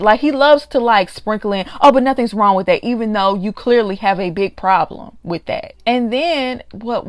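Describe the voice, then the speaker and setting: A woman's voice: medium pitch, dry recording. A woman reviewing a reality show in a casual, exasperated rant, often mimicking the people she talks about. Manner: exasperated, quotes others in mocking voices.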